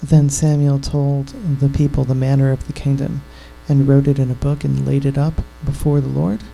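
A man reading Bible verses aloud in a steady, formal way. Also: mid-range voice, moderate pace, vocal fry, soft background music, poor audio. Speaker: scripture reader.

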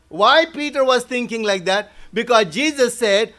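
A man's voice: extremely high pitch, lively intonation, moderate pace, few pauses, pushed and bright. A man preaching as a pastor, explaining Bible verses step by step and asking rhetorical questions. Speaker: pastor teaching a Bible study. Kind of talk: sermon.

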